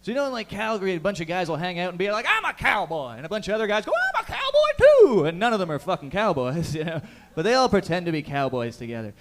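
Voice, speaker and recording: A man's voice: sits high, expressive, racing. Brash, profane young male comic host. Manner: brash, profane, loud crowd work. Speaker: comedy show host. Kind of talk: stand-up comedy. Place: comedy bar stage.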